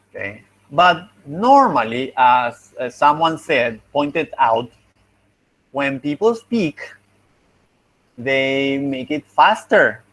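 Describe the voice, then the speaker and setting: A man leads an online phonetics class, patient and encouraging as he walks through exam feedback. He speaks slowly, thinking aloud now and then, and his voice comes through a video call. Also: mid-range voice, fairly bright tone, low-quality recording. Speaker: university phonetics teacher.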